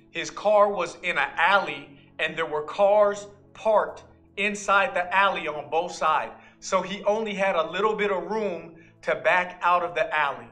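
A man's voice: high-pitched, bright, forceful tone. A man, an associate pastor, preaching a sermon in an earnest storytelling manner.

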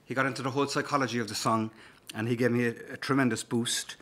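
A singer-songwriter with a Cork Irish accent, chatting loosely and telling anecdotes between songs, with plenty of "um" and "uh". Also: male voice, mid-range voice, steady tone, quick pace, a bit bright. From Cork, Ireland. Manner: rambling, easygoing anecdotes with filler words.

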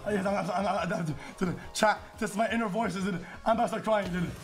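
A man streaming a game, laughing and yelling at it in frustration. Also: high-pitched, fairly even intonation, fairly quick, music in the background. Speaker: gaming streamer. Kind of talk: live game commentary.

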